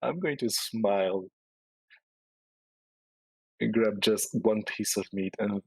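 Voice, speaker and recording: A man's voice: lowish voice, takes it slowly, vocal fry, husky, dry recording, low-quality recording. A man playing a tabletop game, joking and scheming with laughs, over an online voice call. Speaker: player. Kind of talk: tabletop role-play chat.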